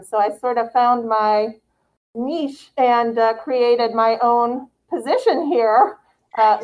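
A woman with a slightly high voice answers interview questions. She speaks confidently and stays measured and upbeat. She sounds like a professional explaining her work. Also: a little mellow, low-quality recording. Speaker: guest, animal welfare director.

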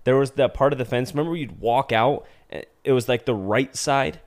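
A man of middle pitch talking casually with old friends. His manner is relaxed and loose, with swearing and laughter running through his recollections. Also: a little fast. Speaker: YouTuber reminiscing with friends. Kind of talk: casual chat.

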